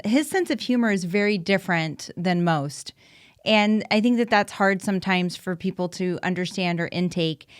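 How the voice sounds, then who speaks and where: A woman's voice: mid-range voice, no echo, clean studio sound. A woman in her thirties hosting a podcast, talking candidly and chattily with frequent ums and restarts about life with her son. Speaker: podcast host, mother of an autistic son. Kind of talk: casual solo podcast talk.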